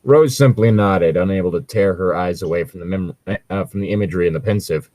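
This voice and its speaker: Guy with a really deep voice, dry close mic, chatty podcast cohost reading fanfic. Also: a little fast, darkish tone, no room sound. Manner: casual, chatty, explains at length. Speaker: podcast co-host reading aloud. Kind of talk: comedic fanfic reading with banter.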